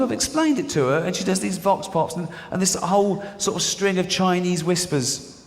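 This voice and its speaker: A man's voice: on the high side, animated, fairly quick. A man doing a stand-up comedy routine on stage, sardonic and mock-indignant, slipping into voices for the people in his stories. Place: large performance hall. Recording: live hall reverb with audience noise.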